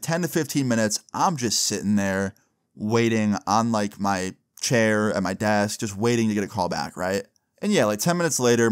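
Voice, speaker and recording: A man's voice: lowish voice, no echo, studio quality. Slangy young man telling a story. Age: young adult. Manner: casual, slangy, lots of "bro" and "like". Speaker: vlogger. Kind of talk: casual storytime monologue.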